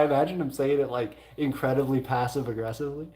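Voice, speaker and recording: A man with a Southern US drawl reads his livestream chat aloud in a relaxed, mellow voice. He stumbles through it with frequent fillers and mild exclamations, keeping it casual. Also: medium pitch, quick pace. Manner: hesitant, many "uh" fillers, reacts with mild exclamations. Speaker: livestream host. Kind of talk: casual chat reading viewer messages aloud.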